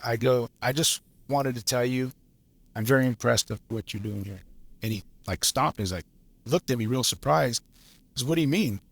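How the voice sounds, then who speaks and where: Blunt, gravelly lineman in his fifties. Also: mid-range voice, no echo. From Los Angeles area. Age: 50s. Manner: blunt, profane, animated storyteller. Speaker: podcast guest, journeyman lineman. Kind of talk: casual storytelling chat.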